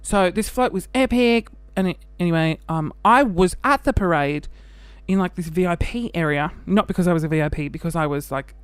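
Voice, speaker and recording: This dry recording captures a man's high-pitched, clear, resonant voice with an Australian accent. Hosting his own podcast, he chats casually in an animated, camp way, laughing, with quick bursts of mock voices.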